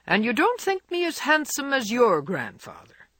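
A reader voicing a gruff, abrupt older gentleman who is kind underneath, in a storybook reading. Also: mid-range voice, huge pitch swings, normal speed, no room sound, clean studio sound, pitched above the performer's own voice, exaggerated voice.

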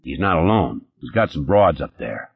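A man doing a gruff, profane police detective. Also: rumbling low, sing-song, moderate pace, no room sound, narrow, tinny audio, exaggerated voice. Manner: blunt, profane. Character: blunt, crude middle-aged male police detective, gruff.

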